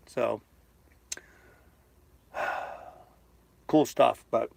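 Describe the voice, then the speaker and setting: A man's voice: a little high, normal speed, clear, resonant tone, no echo. An older man sailing on a small boat, chatting casually on a live stream as he reads out and answers viewer comments. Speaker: sailing vlogger. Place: aboard a small sailboat.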